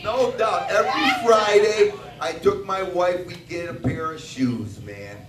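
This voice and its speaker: Older profane comedian, echoey bar. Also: male voice, fairly high pitch. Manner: crude, profane storytelling with voiced-out dialogue. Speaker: stand-up comedian. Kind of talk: stand-up comedy set. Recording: echoey bar recorded from a distance, noisy.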